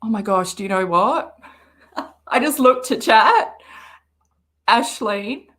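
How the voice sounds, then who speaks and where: A woman hosting a reaction livestream, talking in an animated, sarcastic way and laughing often. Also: a little high, slow. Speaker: livestream host.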